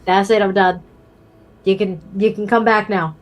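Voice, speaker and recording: A woman player giving a quick, playful plug of her socials at the end of a game stream. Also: mid-range voice, steady tone, soft background music.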